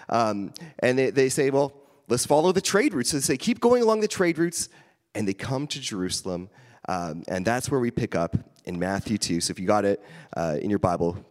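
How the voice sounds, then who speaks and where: A male pastor giving a casual sermon, a chatty, self-deprecating storyteller who gets animated in his anecdotes. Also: fairly low pitch. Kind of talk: casual sermon with stories and jokes. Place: church hall. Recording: long reverb of a large hall.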